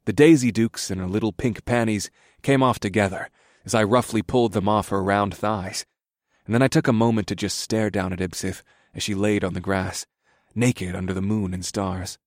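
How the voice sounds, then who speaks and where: Low-voiced male story narrator. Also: fairly even intonation, moderate pace, dry recording, clean studio sound. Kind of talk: scripted erotic story narration.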